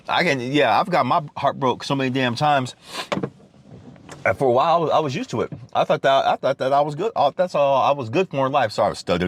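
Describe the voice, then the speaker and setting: Sitting in his car at a drive-through, a middle-aged man records his own podcast as an animated, rambling rant. His pitch is medium, the swearing is constant, and he restarts his sentences often.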